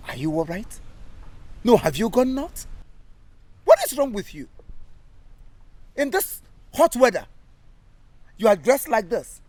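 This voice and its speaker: Man playing a blustering Nigerian mock-captain, very high voice that swoops all over, pompous, barking orders, dry close sound. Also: no room sound. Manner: barking commands, scolding, stammering. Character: pompous bossy man posing as a British captain. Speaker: self-styled London captain. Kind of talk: comedy skit acting.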